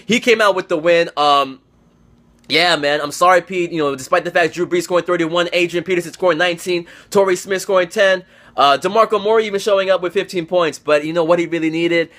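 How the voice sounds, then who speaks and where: A young man with a high voice runs through his fantasy football league's results indoors on camera. He talks fast and loose, swears freely, and needles his friends, repeating phrases over and over for emphasis. His tone is bright. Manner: profane, excitable, teasing league friends. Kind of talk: casual recap monologue.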